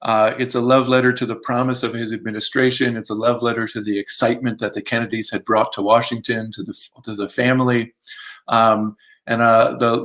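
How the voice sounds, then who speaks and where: Man, american, book reading, academic, self-mocking, uh fillers, mid pitch. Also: fairly bright tone. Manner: academic, self-deprecating asides, frequent uh fillers. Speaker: author giving a book reading. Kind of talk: reading from his book with asides.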